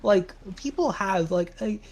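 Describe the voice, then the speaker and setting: A man's voice: high-pitched, animated, measured pace, a crowd in the background. A man in a casual stream discussion, rambling and argumentative, restarting his sentences as he makes his point. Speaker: co-host in a game modding discussion.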